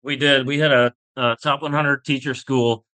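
A man's voice: medium pitch, fairly even intonation, normal speed, pushed and bright. A man from Pittsburgh, a golf instructor, chatting as a podcast guest, enthusiastic and rambling, laughing often as he tells stories. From Pittsburgh, USA. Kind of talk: casual interview chat.

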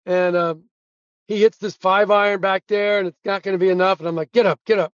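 A man with a high voice spins lively anecdotes as an interview guest, acting out the people in them and laughing along. The sound is dry and a bit dull, like a remote call. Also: a little fast, no room sound. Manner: animated storyteller who acts out quotes and laughs at his own punchlines. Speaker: guest, sportswriter and author. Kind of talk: casual storytelling interview.

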